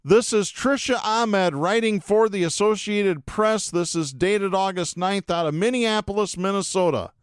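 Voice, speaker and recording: A man's voice: high-pitched, a little slow, few pauses, clear, resonant tone, no room sound, studio quality. A man hosting a podcast, reading news stories aloud and breaking in with sarcastic, indignant comments. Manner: sarcastic, indignant asides between read stories. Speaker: podcast host.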